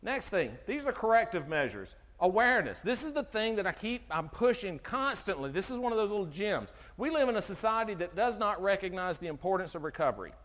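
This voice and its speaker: Middle-aged guy doing a health talk to a crowd, bouncy high voice, lots of echo from the hall. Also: fairly quick, few pauses. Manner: animated, asks the audience questions, acts out dialogue. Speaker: chiropractor giving a health talk. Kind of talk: sermon-like health talk to an audience. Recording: long hall reverb from a live talk.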